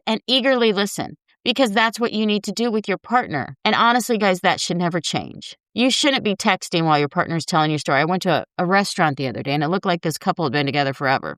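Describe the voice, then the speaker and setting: A woman's voice: fairly low pitch, fairly bright tone, clean tone, dry recording, studio quality. A woman host giving casual dating advice in a frank, chatty way, talking straight to her listeners.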